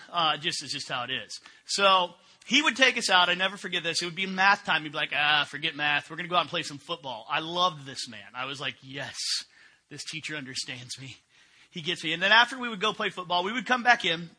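Bright-voiced man preaching casually. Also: a little high. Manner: conversational, asks the congregation questions. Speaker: pastor. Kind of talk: sermon.

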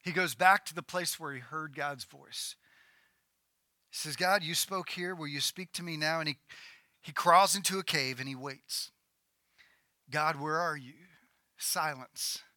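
A man delivers a sermon in a bright, sharp voice that sits a little high. He acts out the voices in the story, sometimes building to near shouts. The sound is dry and close. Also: a little slow, long pauses, no echo. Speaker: pastor.

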